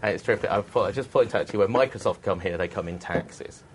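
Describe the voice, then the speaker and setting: A man's voice: low-pitched, fast talker, a little hiss or hum. A man hosting a tech webcast in a studio, teasing his guests and rambling with restarts. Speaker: webcast host.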